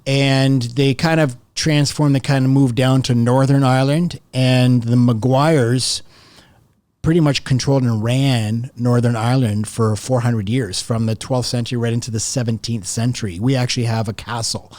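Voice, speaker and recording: A man's voice: mid-range voice, fairly even intonation, moderate pace, darkish tone, no echo. 50s guy spilling a wild family story on a podcast, chatty, dead dry mic. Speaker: podcast guest. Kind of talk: casual storytelling interview.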